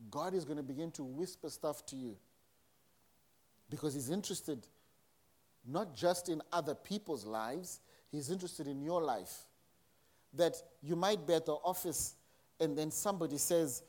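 Male pastor, slightly high voice, chatty sermon delivery with acted-out quotes. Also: moderate pace, a little mellow. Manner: conversational preaching with acted quotes.

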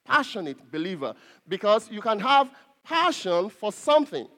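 A pastor preaching an earnest sermon to his congregation, repeating phrases and pausing on fillers. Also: high voice, big pitch swings, pushed and bright.

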